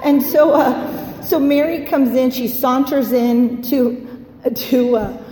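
A woman in her forties telling a personal story in a lively, candid way, acting out the voices she quotes. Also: high voice, takes it slowly. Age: 40s. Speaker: speaker sharing a recovery story. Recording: echoey hall, faint background noise.

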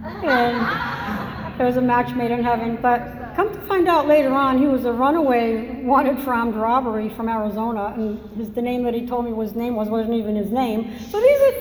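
A woman's voice: on the high side, moderate pace, darkish tone. Woman from Massachusetts, candid personal testimony with self-mocking humour, long hall reverb on the voice. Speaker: speaker sharing a recovery story.

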